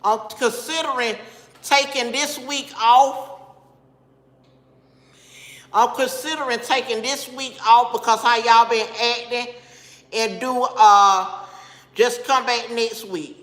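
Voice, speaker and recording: Blunt, bright-voiced woman streaming in an echoey room. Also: on the high side, fairly even intonation, slow, long pauses. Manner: scolding, blunt, talks back to commenters. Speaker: live-stream host. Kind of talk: casual live-stream chat with viewers. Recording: echoey room with long reverb.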